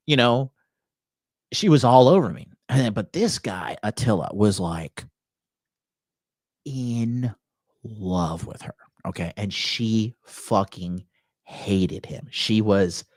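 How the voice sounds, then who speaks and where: A man's voice: fairly low pitch, slow, pauses often, dry recording, studio quality. A man hosting a dating talk show, telling a crude story in a brash, swaggering way, full of swearing. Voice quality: profane, brash, swaggering delivery. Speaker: dating coach and podcast host. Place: Tokyo.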